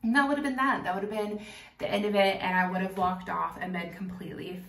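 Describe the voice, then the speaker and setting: A young woman from Kentucky, telling a candid, animated story to camera while doing her makeup, laughing and swearing freely. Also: mid-range voice, fast, echoey room, far from the mic. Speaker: vlogger.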